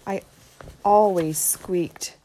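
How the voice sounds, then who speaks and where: A woman voicing a calm, kindly enchantress with a soft voice while reading a storybook aloud. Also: on the low side, very slow, a little hiss or hum.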